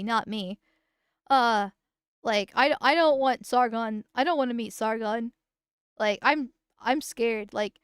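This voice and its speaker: High-voiced giggly woman streamer. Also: fairly bright tone, smooth, dry recording, studio quality. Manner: rambling, giggly, swears freely. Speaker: VTuber streamer. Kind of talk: casual live-stream chat reacting to a video.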